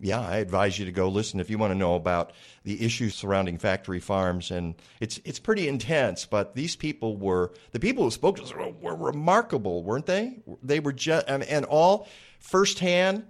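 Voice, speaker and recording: A man's voice: on the low side, expressive, moderate pace. A man hosting a radio show from the studio, chatty and rambling, with lots of fillers. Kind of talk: casual radio talk.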